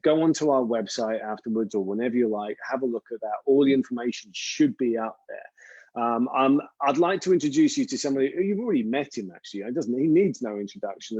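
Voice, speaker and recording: A man's voice: mid-range voice, warm tone, no echo, lo-fi sound. A man hosting an online information session for an acting school, chatty and rambling, with frequent restarts. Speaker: school representative and host. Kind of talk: webinar presentation.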